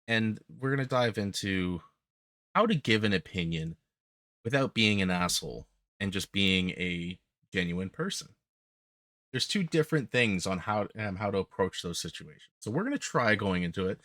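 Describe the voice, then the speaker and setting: A podcast host with a fairly low but slightly bright voice talks casually at a normal speed, his intonation lively. He speaks bluntly and candidly, dropping frequent ums. The sound is clean studio quality with no echo.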